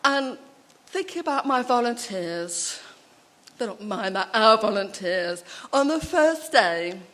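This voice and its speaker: A woman speaking at a conference, telling personal anecdotes in a chatty, animated way with many asides. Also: mid-range voice, slow pace.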